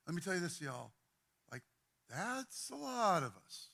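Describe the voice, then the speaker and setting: A man preaching a sermon as pastor, talking in a conversational, animated way with repeated words. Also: high voice, unhurried, vocal fry.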